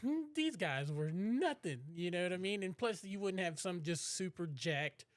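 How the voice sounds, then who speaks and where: A man's voice: sits high, lively intonation, normal speed, no echo. A man co-hosting a podcast, chatting casually and profanely, rambling and acting out mock dialogue. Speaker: podcast co-host. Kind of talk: casual banter.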